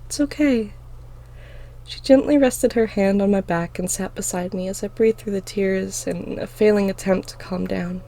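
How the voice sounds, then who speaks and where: Woman reading her own story, emotional and expressive, mellow kinda gravelly voice. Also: mid-range voice, normal speed, hardly any pauses. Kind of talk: dramatic first-person story reading.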